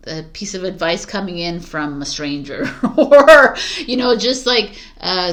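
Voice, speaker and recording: A woman's voice: lowish voice, fairly bright tone. A woman giving a casual, chatty tarot reading to camera, giggling often and using many fillers, with a morning voice. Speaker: tarot reader.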